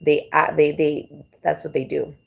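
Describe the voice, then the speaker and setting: A woman's voice: sits low, completely flat delivery, measured pace, vocal fry, slightly rough. A woman hosting a livestream, talking in a loose, circling way, repeating her questions and filling gaps with "like" and "right". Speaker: livestream host. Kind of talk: rambling livestream monologue.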